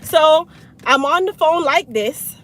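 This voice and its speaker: Woman, Jamaican accent, storytime vlog, blunt, animated, high-pitched. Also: slow. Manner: animated, blunt, slips into patois. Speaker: hair care business owner.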